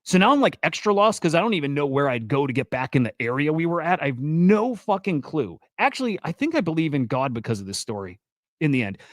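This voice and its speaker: A man hosting a livestream, telling a long story casually in a rambling, profane, animated way. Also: on the high side, fast talker, no echo, clean studio sound. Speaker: host.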